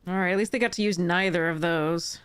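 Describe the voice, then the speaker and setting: A woman commenting on her own card game, exasperated and swearing, with sudden high-pitched outbursts. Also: fairly quick, clear, resonant tone. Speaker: streamer playing a card game. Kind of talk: frustrated gameplay commentary.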